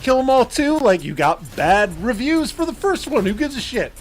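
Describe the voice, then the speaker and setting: Excitable swearing man on a wired mic. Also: very high voice, normal speed, soft background music. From Michigan. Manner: excitable, swears freely, laughs often. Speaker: co-host. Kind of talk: casual live show banter. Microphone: wired mic on a short cord.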